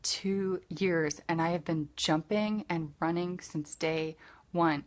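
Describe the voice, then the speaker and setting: A woman's voice: lowish voice, expressive, slow pace, a bit bright. A woman leading a direct-sales team, giving an earnest, emphatic motivational pep talk in a live video, with lots of repetition.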